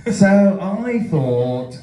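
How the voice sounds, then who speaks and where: Author from Yorkshire, mellow voice, rambling and self-mocking, heard from afar in a roomy hall. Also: male voice, sits high, sing-song, extremely slow. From Yorkshire, England. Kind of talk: casual chat at a live book launch. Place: event room. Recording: roomy hall, mic far off.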